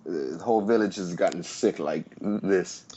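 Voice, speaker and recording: A man's voice: low voice, measured pace, warm tone, husky. A man playing a tabletop game, speaking hesitantly with restarts. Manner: hesitant, stop-start. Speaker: player. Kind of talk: casual tabletop play. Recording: dull lo-fi mic.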